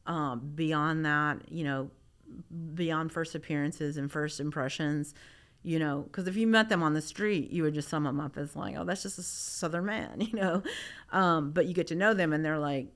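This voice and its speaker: Low-voiced woman artist rambling. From Memphis, Tennessee. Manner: rambling, many restarts and "like". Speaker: artist guest. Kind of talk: casual interview.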